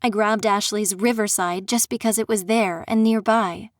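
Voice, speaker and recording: A woman reading a first-person dark fantasy audiobook in a steady, dramatic storytelling manner. Her voice sits in a middle pitch. The recording is dry and close. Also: normal speed, no room sound. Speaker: audiobook narrator.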